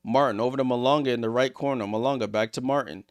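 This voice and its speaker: A chatty man calling a basketball game live for his viewers, excitable and joking as the plays unfold. His voice sits at a middle pitch. The sound is dry and close. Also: quick pace, dry recording, lo-fi sound. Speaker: streamer hosting a game watchalong. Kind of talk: casual live play-by-play commentary.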